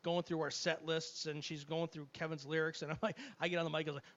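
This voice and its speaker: A man's voice: a little high, little pitch movement, fast. A man co-hosting a casual chat, telling stories from playing in a band and laughing often. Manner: laughing storyteller, often trailing off quietly. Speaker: podcast co-host, former band musician. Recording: muffled lo-fi sound.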